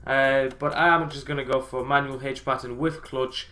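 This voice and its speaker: A man's voice: medium pitch, fairly even intonation, normal speed, bright, forceful tone. A man hosting a gaming channel, chatting casually and thinking aloud while he plays. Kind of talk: casual gameplay commentary.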